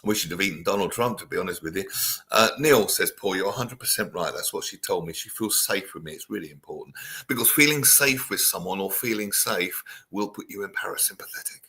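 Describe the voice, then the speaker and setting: Fairly quick and low-pitched, this radio host's voice sounds pushed and bright as he jokes with listeners on a casual chat show and reads out their comments.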